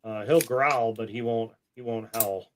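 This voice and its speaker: A man with an unhurried, drawn-out way of speaking, running a casual livestream. He jokes with viewers, swears now and then, and snaps short, firm commands at his pets. His voice sits at an average pitch, with a faint hiss in the background. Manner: chatty and joking, with the odd swear. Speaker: coin-hunting livestream host. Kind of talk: casual chat while training his dogs.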